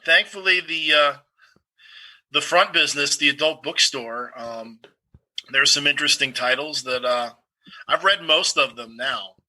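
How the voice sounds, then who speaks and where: A man improvising a self-serious, threatening ninja-obsessed shop owner who speaks haltingly. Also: on the high side, sharp tone, poor audio. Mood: rambling. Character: pompous ninja-obsessed bookstore owner, intense. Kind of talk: improvised comedy.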